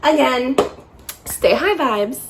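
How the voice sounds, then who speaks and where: A young woman hosting a casual vlog. She talks while smoking and high, rambling and swearing freely. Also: animated, slow, noisy background. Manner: rambling, profane, giggly; high and easily distracted. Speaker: vlogger and podcast host.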